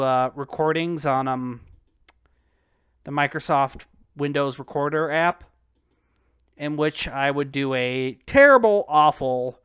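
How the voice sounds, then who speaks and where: A man's voice: on the high side, fairly bright tone, clean tone, no echo, studio quality. A young man streaming old PC games, rambling and joking crudely at his own expense. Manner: rambling, crude, self-deprecating. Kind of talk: casual game stream commentary.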